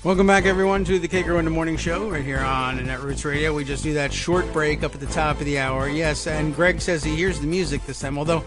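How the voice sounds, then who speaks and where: A man's voice: fairly high pitch, fairly even intonation, fairly quick, few pauses, over music. Wry, meandering male radio talk host. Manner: meandering, wry, with frequent fillers and asides. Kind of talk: casual political talk radio monologue.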